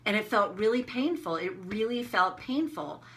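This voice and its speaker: Bright-voiced woman coach on a live stream. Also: mid-range voice, normal speed. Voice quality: candid, animated storytelling with frank language. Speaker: tapping coach. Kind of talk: casual live-stream talk. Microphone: phone or webcam, live video.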